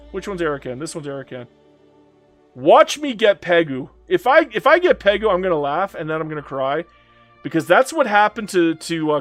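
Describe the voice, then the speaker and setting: A man giving casual live-stream commentary on a strategy game, chatty and swearing, talking back to the game and to chat. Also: fairly high pitch.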